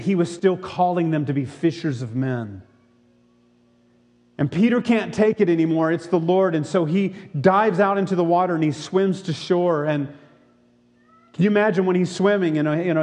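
Male pastor with a slightly high voice, preaching a sermon in an echoing hall and pressing listeners with questions. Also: moderate pace, darkish tone. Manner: reads scripture, then preaches with rhetorical questions.

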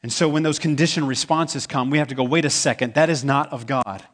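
A man with a mid-range, slightly bright voice speaks a little quickly as he preaches a sermon as a pastor. He keeps it conversational, putting questions to the congregation and acting out the quoted voices in his stories.

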